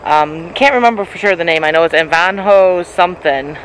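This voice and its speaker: A man's voice: a little high, a little fast, a bit bright, slight background noise, low-quality recording. A man hosting a casual vlog outdoors on a nature trail, easygoing and chuckling often between fillers. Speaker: vlogger.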